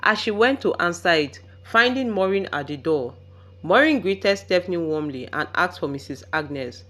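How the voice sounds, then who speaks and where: Woman reading a drama story, lowish voice that swoops around a lot. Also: lively intonation, moderate pace, fairly bright tone. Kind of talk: scripted story narration.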